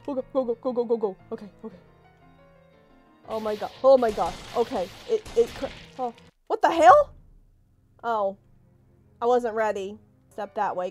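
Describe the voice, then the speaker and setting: A woman's voice: mid-range voice, a little mellow. A woman giving live gameplay commentary. She is jumpy, swears a lot and talks back to the game characters. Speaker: let's play gamer.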